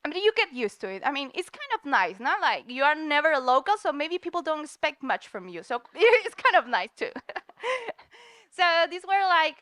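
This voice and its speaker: A cheerful Spanish woman, a comic artist invited as a guest speaker, gives a talk at a university event in a New York lecture room. Her voice is high, fairly bright and sing-song at normal speed, and she laughs often and slips in words. The recording is dry with clean studio sound.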